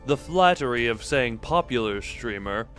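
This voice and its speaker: A man's voice: mid-range voice, lively intonation, normal speed, fairly bright tone, faint music behind. A man streaming a card game live, chatting with viewers in a wry, theatrical way. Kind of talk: live gameplay stream chat.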